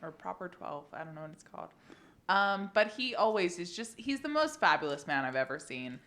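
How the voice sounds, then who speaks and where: A woman with a lowish voice telling a rambling story in podcast banter. She hesitates often and fills the gaps with ums and likes. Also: animated, brisk, fairly bright tone. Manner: rambling, hesitant, filler-heavy. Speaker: podcast co-host. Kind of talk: casual comedic banter.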